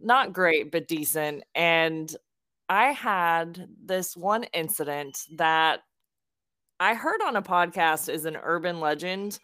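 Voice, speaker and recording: A woman's voice: fairly low pitch, expressive, takes it slowly, bright, forceful tone, no room sound, studio quality. A young woman from South Florida, co-hosting a podcast and telling a casual story with plenty of ums and laughs between sentences. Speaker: podcast co-host.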